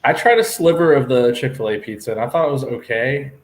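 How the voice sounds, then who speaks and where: A man's voice: mid-range voice, fast talker, a little hiss or hum. A man co-hosting a podcast, chatting casually in an upbeat, playful way. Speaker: podcast co-host. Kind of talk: casual chat.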